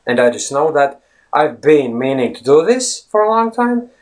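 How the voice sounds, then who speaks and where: A man's voice: a little high, very animated, moderate pace, a little mellow. A man giving a casual English lesson, talking straight to viewers as friends and rephrasing his points as he goes. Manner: chatty, repeats and rephrases points. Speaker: English teacher. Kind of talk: casual teaching monologue.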